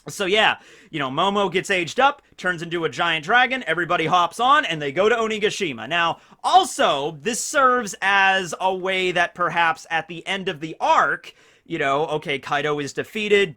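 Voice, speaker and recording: A man's voice: on the high side, sharp tone. A man giving casual, rambling anime commentary, with loose fillers throughout. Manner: rambling, loose, full of "you know" fillers. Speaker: anime discussion YouTuber.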